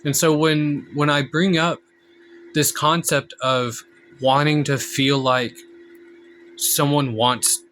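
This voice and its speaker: Blunt, bright-voiced male vlogger. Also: mid-range voice, a little hiss or hum. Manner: blunt, frank, heavy swearing. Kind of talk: candid casual monologue.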